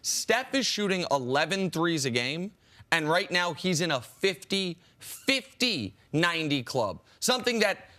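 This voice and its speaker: Bright, emphatic male sports co-host. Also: on the high side, big pitch swings, measured pace. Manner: emphatic, argumentative. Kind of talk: sports debate talk.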